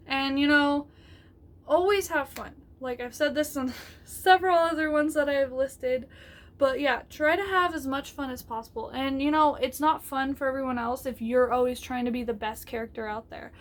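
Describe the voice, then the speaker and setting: A woman's voice: high voice, fairly bright tone. A woman giving casual, rambling advice on a tabletop game, with many fillers and restarts, laughing often.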